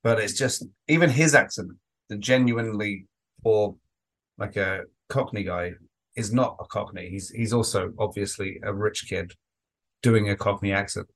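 A man's voice: fairly low pitch, normal speed, a bit bright. A man co-hosting a casual podcast chat, rambling with frequent restarts and some swearing. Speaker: podcast co-host.

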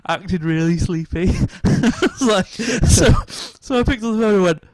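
Man, slightly high voice, animated anecdote, swearing, frequent laughs, dry close sound. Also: measured pace, no echo. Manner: animated, swearing, laughs a lot, stammering restarts. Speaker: storyteller in casual chat. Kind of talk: casual chat, anecdote.

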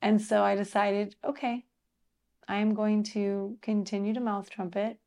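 A woman musician as an interview guest, chatting casually and telling stories in an animated way, laughing often and using many fillers. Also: medium pitch, measured pace.

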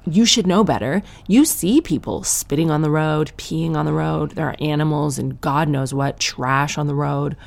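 A woman, a tired new mother, doing a brash comic monologue as a podcast host, ranting with animated outbursts. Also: low voice, moderate pace, gravelly, hardly any pauses. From Canada.

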